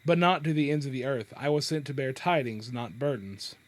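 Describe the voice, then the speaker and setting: A man's voice: mid-range voice, fairly quick, no room sound, close to an everyday voice. A man reading as a proud eagle lord. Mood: stately. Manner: read-aloud storytelling delivery. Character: great male eagle lord, proud and swift.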